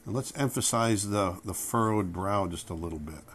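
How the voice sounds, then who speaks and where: A middle-aged man narrating a drawing tutorial, relaxed and thinking aloud as he sketches. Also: on the low side, normal speed, a little hiss or hum. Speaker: drawing instructor.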